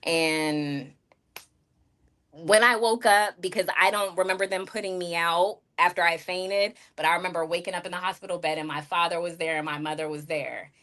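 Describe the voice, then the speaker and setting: A woman tells her chat a story on a livestream, frank and rambling, breaking off to talk to viewers. Her voice is bright and forward. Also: on the low side, fairly even intonation, moderate pace. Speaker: streamer.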